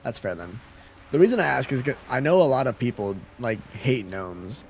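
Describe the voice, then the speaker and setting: A man's voice: medium pitch, expressive, moderate pace, slight background noise. A man live-streaming a game, chatting casually with his viewers and reading out their messages with a laid-back, chuckling manner. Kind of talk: casual live-stream chat while gaming.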